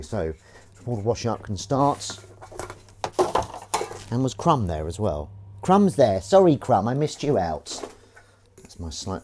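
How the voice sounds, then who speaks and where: A jokey man hosts a casual livestream, chatting with viewers as he works. His voice sits at a middle pitch. Faint clinks of dishes and cutlery sound in the background. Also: background noise. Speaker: livestream host. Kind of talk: casual chat while washing up.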